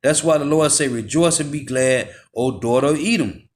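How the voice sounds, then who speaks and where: A man preaching a forceful, confrontational sermon, slowing down to read scripture aloud and dropping his voice on tag words. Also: mid-range voice. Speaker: street preacher. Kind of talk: fiery street sermon with scripture reading.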